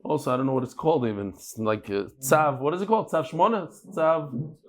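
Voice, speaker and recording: Animated man teaching Talmud. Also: fairly high pitch, a little fast. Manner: animated storytelling, mixing English with Hebrew and Yiddish terms. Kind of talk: lively Talmud class lecture.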